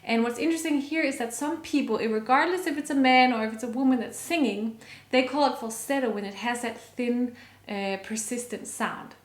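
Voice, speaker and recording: A woman's voice: fairly high pitch, moderate pace, echoey room. A woman vocal coach explaining singing technique to her viewers, upbeat and enthusiastic, stopping to sing short examples.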